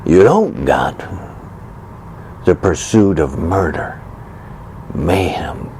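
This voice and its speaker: A man's voice: deep voice, big pitch swings, extremely slow, a little mellow, slight background noise. A man delivering an indignant political opinion rant, sarcastic and mocking, repeating phrases for emphasis. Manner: indignant, sarcastic, mocks opponents with exaggerated sighs and gasps. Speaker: commentator.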